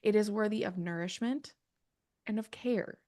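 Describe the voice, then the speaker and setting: A woman's voice: mid-range voice, normal speed, dark tone. An earnest woman talks as a podcast guest in a mid-range voice. She thinks aloud, drifts into side tangents and corrects herself as she goes. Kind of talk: conversational podcast interview.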